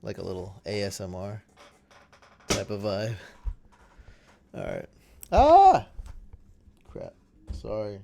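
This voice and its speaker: A man hosting a fantasy football livestream, hoarse from losing his voice, chatting and rambling to his viewers in a casual way. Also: lowish voice, level tone, unhurried, pauses often, slight background noise. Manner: rambling, self-deprecating, talks to viewers. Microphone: desk mic, at times held close.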